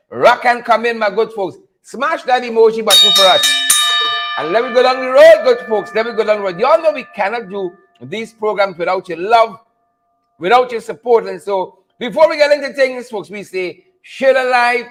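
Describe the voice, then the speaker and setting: A male podcast host greeting viewers by name on a live stream, energetic and hype. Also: extremely high pitch.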